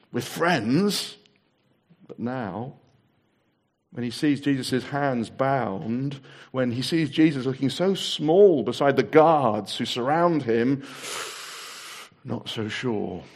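A man preaching a sermon, acting out the voices in the story and dropping to a hushed, low voice for solemn points. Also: expressive, slow. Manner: dramatic, acts out the voices in the story.

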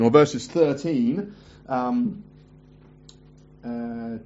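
Husky lo-fi preacher man. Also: mid-range voice, slow pace, long pauses. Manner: animated, asks the listeners questions, reads scripture aloud in a hushed voice. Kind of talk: sermon. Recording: dull lo-fi recording.

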